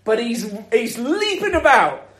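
A man preaching a Christmas sermon in a lively, conversational way, asking the listeners rhetorical questions. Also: very high-pitched, a little slow. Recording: echoey room.

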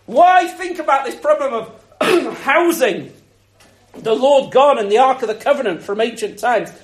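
A man preaching a Christmas sermon in a lively, conversational way, asking the listeners rhetorical questions. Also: very high-pitched, normal speed. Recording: echoey room.

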